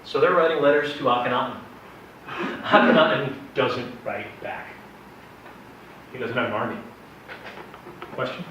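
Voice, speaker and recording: A man gives a relaxed Bible history lecture to a class, drifting into joking side remarks. He is picked up from across a very echoey room, and the sound comes through dull and muffled under a faint hiss. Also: medium pitch, a little slow, pauses often, far from the mic. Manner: chatty, digressive, joking asides. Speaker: Bible teacher. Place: classroom with a live audience.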